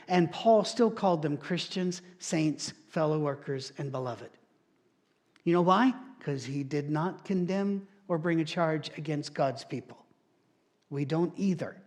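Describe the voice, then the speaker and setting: A man's voice: fairly high pitch, normal speed, darkish tone. A male pastor, preaching a sermon and telling stories with strong emphasis. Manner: storytelling, emphatic, mock-quotes others in shifted voices.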